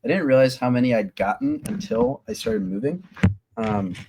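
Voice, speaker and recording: A man's voice: medium pitch, huge pitch swings, normal speed, vocal fry, a little mellow, slight background noise. A man co-hosting a movie podcast, chatting casually with a hesitant, self-deprecating manner. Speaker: podcast co-host. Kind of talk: casual chat.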